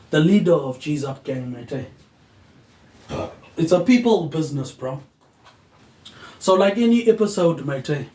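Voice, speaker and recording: A man with a voice on the high side hosts a loose, rambling philosophical monologue, recorded in a room with echo. Almost every phrase he says closes with a quieter tag word.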